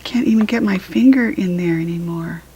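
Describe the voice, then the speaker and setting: A woman reading a children's picture book aloud in a gentle manner, talking straight to young listeners and often dropping into a whisper. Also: mid-range voice, normal speed, slightly rough, poor audio.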